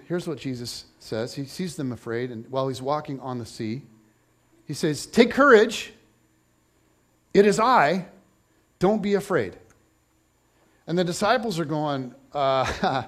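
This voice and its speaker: A man with a high, light voice delivering a sermon. He tells the story with playful humor and voices the people in it as he goes. His pitch climbs and falls often as he talks. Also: unhurried, pauses often. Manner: animated, jokey storytelling with voiced asides. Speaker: pastor.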